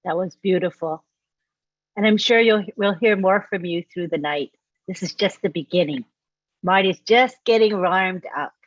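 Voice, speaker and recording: A woman hosting a livestream, warmly thanking and introducing speakers. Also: on the low side, moderate pace, dry recording, dull audio. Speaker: livestream host. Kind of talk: casual hosting.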